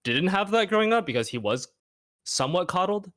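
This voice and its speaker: A young man speaking as an interview guest in casual chat, reflective and halting, leaning heavily on "like.". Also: high voice, big pitch swings, a bit bright, no room sound, studio quality. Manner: reflective, halting, heavy use of "like".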